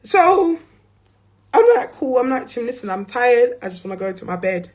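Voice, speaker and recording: Speaking fast in a mid-range voice, this London-accented young woman from England recounts a story during her livestream. The influencer is animated and laughs in bursts while keeping her language blunt, profane and full of slang.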